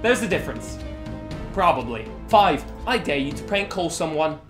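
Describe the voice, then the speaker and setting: A man answering viewer questions in a casual vlog, excitable and rambling, often self-deprecating. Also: on the high side, normal speed, over music. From Utah, USA.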